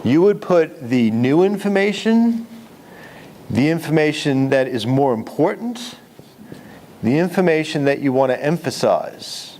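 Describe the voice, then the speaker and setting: A man's voice: on the high side, animated, measured pace, mellow, a little hiss or hum. A man giving a live classroom lecture on writing, explaining step by step with examples.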